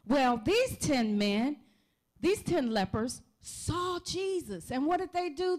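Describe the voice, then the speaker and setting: A woman preaching a sermon in a church, calling out to the congregation for responses with shouts of praise. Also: high-pitched, very animated, takes it slowly. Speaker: pastor. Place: church sanctuary.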